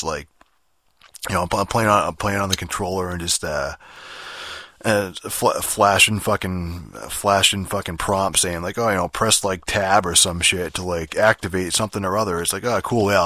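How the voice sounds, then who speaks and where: A man's voice: low voice, bright, forceful tone, no room sound. A young man rambling through a profane, filler-heavy review of a video game. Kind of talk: casual spoken game review rant.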